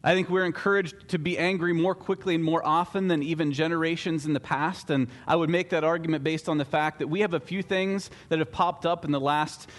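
A man's voice: on the high side, fairly even intonation, a little fast, hardly any pauses. A man giving a sermon as a pastor, talking conversationally with light humor.

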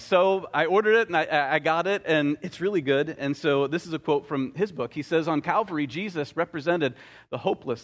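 A male pastor preaching a sermon, telling stories with light humorous asides and slowing down to stress key phrases. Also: fairly high pitch.

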